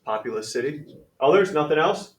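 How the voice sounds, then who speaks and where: A man's voice: on the high side, expressive, a little fast. A male math teacher leading a classroom lesson, talking in a conversational, upbeat way and calling on students by name. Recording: echoey classroom from far off.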